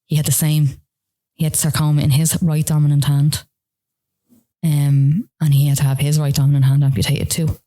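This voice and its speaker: An Irish woman telling her own story as a podcast interview guest, emotional and halting, with many "like" and "you know" fillers. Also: low-pitched, little pitch movement, mellow.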